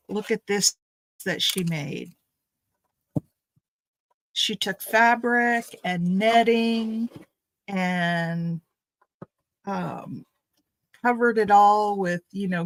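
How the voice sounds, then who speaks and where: This is a laid-back unboxing in which a woman, filming a craft video at home, opens gifts while rambling and thinking aloud. Her voice sits in the mid-range, and the audio quality is poor.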